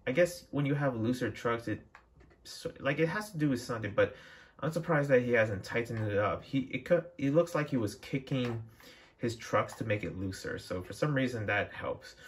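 A young man talks to his viewers in a loose, rambling vlog style, restarting his sentences and leaning on fillers. His voice sits at an ordinary middle pitch. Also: animated, moderate pace. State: dry throat, out of breath. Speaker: vlogger. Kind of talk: casual chat to camera.

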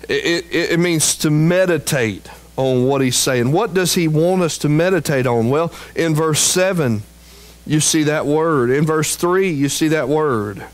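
A male pastor delivers a sermon at an unhurried, deliberate pace. His voice swells higher and louder as he builds, then sinks to a hushed low register on the lines he wants to land. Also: poor audio. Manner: slow, emphatic preaching that climbs in pitch and force at peaks; drops to a low, quiet voice on key phrases.

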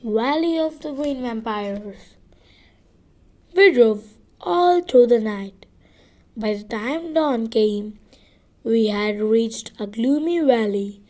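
Woman reader for a children's story: higher pitch, unhurried, careful, rereads stumbles. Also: darkish tone. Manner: slow and deliberate, with rereads and self-corrections. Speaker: audiobook reader. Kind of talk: reading a children's book aloud.

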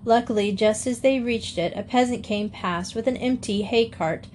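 A woman reading a classic children's novel aloud in steady storytelling narration. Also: a little high, moderate pace, a little hiss or hum. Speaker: audiobook reader. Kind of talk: scripted narration.

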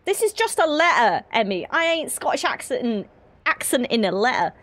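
A woman's voice: on the high side, big pitch swings, moderate pace, fairly bright tone, no room sound. A young woman streaming a horror game, chatty and giggly with rambling asides. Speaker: gaming streamer. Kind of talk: casual let's-play commentary.

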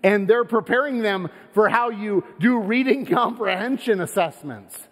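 A pastor preaching a sermon in a lively, conversational way, posing rhetorical questions to his congregation. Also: high voice, moderate pace, long reverb tail. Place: church sanctuary.

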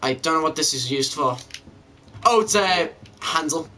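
This is a gamer narrating a horror let's-play, thinking aloud to themself and the viewers and swearing at every scare. The voice is bright and lively, the pace slow and drawn out. The mic sits a bit far off, with quiet game sound underneath. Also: mid-range voice, slight background noise. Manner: talks to self and viewers, swears when startled.

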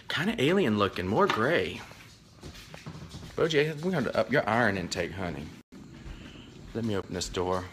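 A man, chatting in a sassy, animated vlog while walking his dog outdoors on a handheld phone. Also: fairly low pitch, a little slow, long pauses, noisy background. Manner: animated, sassy, playful running commentary. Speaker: vlogger. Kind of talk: casual vlog chat.

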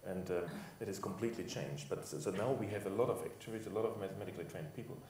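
A man with a very low voice explains his points on a conference panel in a measured way, pausing on hesitant fillers. He is heard from a distance in an echoing hall, with faint ambience underneath. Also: darkish tone, a little hiss or hum. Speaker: reinsurance executive panelist. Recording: roomy panel hall from far off.

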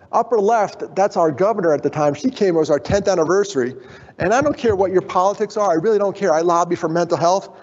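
A middle-aged man at a conference tells personal stories with lively, self-mocking animation in a slightly husky voice on the high side. The recording is dull, with a long reverb from the hall.

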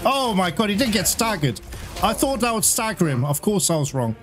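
A man talks over his gameplay in a fairly high voice. He grumbles and swears loudly at a boss, with game music playing under him. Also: big pitch swings, fairly quick. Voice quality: frustrated, swearing outbursts. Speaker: let's play gamer. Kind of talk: live gameplay commentary.

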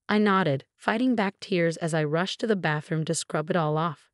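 Even, steady woman narrator for a first-person story; low-pitched, dry. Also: moderate pace, hardly any pauses, dry recording.

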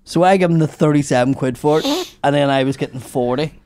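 A man's voice: a little high, fairly quick, a little mellow. A young man telling a profane story in casual podcast banter, laughing often. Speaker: podcast host.

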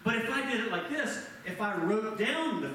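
A high-pitched man preaches at normal speed, speaking directly to congregants by name and peppering them with rhetorical questions in lively fashion. The recording, made from afar in an echoey sanctuary, carries a bit of hiss or hum.

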